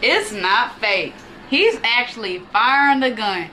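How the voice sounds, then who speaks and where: A woman's voice: on the high side, sing-song, takes it slowly, pushed and bright, a little hiss or hum, rough recording. A young American woman co-hosting a casual chat, reading viewer comments and answering them bluntly. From United States.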